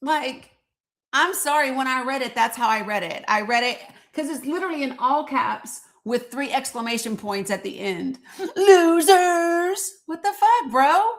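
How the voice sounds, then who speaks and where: Woman host, middle-aged, blunt and profane, slightly high voice, chatty sarcastic commentary. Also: normal speed, a bit bright. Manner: blunt, profane and sarcastic, greeting chat viewers. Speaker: live-stream host. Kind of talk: casual political commentary stream.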